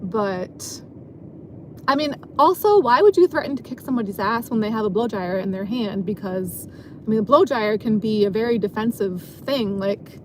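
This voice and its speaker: A woman's voice: medium pitch, normal speed, a little hiss or hum. A woman vlogger rambling casually from her car, self-deprecating and laughing often. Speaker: vlogger and dancer. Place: parked car.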